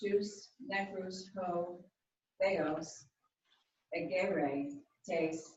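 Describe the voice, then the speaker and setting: Hesitant student, slow and far off. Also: medium pitch, a little mellow. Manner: slow, hesitant, many ums. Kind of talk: classroom answers. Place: classroom. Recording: echoey, distant, lo-fi classroom audio.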